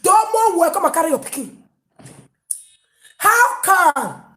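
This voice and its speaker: A woman with a Nigerian Pidgin accent hosting an online gossip show, mocking loudly and breaking into sung chants. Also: extremely high pitch, sing-song, measured pace. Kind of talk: animated gossip commentary. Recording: echoey room.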